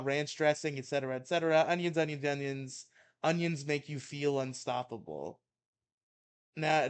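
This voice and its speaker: A young man with a fairly high voice reads a comic rant aloud to his co-host. He hams up the outrage and keeps breaking into laughter. The talk is loose and chatty. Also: clear, resonant tone. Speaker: co-host reading an article aloud. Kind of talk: casual chat and comic dramatic reading.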